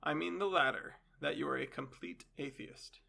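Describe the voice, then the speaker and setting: A man's voice: on the high side, moderate pace, gravelly, bright, forceful tone, full character voice. A man voicing a reckless young male accuser who gives curt, insistent answers.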